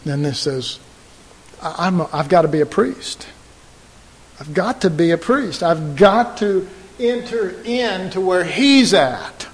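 High-voiced preacher in a reverberant hall. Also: male voice, slow, husky. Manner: animated storytelling, acts out quoted voices. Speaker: pastor. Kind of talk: sermon.

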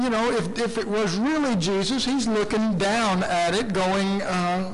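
A man preaching a sermon, dramatic and impassioned, swinging from soft asides to loud shouts. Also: high voice, a little slow, rough recording.

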